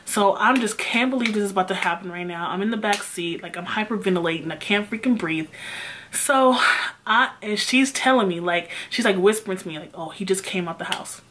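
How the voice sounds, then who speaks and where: Young woman, vlogger, storytime telling, animated, emphatic, mid pitch. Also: a little fast, slight background noise. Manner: animated, emphatic retelling with frequent swearing. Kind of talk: storytime vlog.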